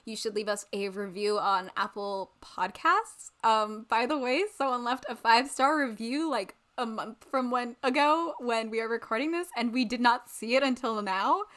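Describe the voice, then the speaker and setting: A woman's voice: fairly high pitch, normal speed, few pauses, a bit bright. A woman co-hosting a podcast, chatting casually in a sarcastic, rambling way with lots of ums. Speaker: podcast co-host. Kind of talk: casual chat.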